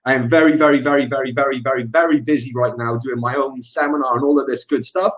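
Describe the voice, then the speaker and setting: A man in his thirties giving a guest talk on a webinar, casual and energetic, hyping up the audience. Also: mid-range voice, fast. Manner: energetic, hype-building. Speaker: guest speaker.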